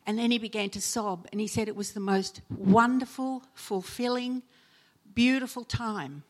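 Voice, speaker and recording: A woman's voice: fairly high pitch, a little slow. A woman preaching a sermon, telling personal stories and acting out the people she quotes with sudden emotional lifts. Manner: storytelling, acts out quoted voices with sudden loud emotional lifts. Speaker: preacher and chaplain.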